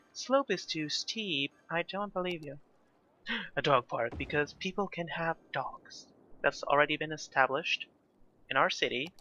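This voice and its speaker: A young gaming YouTuber with a slightly high, pushed, bright voice chats casually over his own city-building gameplay. He rambles and makes self-deprecating remarks as he goes, and the sound is lo-fi.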